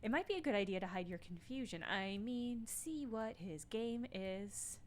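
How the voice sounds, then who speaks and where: A woman's voice: mid-range voice, lively intonation, normal speed, darkish tone, slight background noise. A young woman streaming a video game, chatting casually and mocking herself. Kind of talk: casual gameplay commentary.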